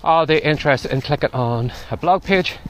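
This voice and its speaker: A man's voice: a little high, moderate pace. A man hosting a casual walking vlog outdoors in the wind, slightly out of breath as he gives chatty advice. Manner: chatty, advisory. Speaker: podcast host. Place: outdoors in strong wind and rain.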